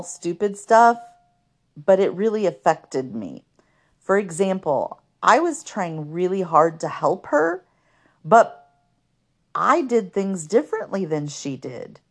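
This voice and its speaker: A woman's voice: fairly low pitch, sing-song, slow, long pauses. A woman telling her life story in a podcast, earnest and conversational, with many fillers.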